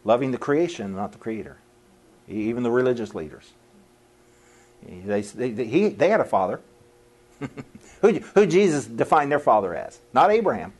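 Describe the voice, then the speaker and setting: A middle-aged man preaching a sermon to a live audience in a folksy, animated way, laughing at his own lines and acting out quoted voices. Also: mid-range voice, moderate pace, pauses often, slightly rough.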